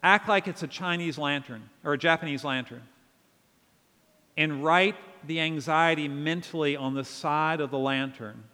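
A man's voice: a little high, moderate pace, sharp tone. A man preaching a sermon as pastor, earnest and conversational, with asides to his congregation. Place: church sanctuary. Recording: long church reverb.

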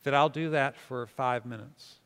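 Bright, crisp-voiced man preaching in a hall. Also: mid-range voice, measured pace. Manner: conversational, self-deprecating, leads congregation in responses. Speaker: pastor. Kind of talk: sermon teaching on prayer. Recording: long reverb of a hall.

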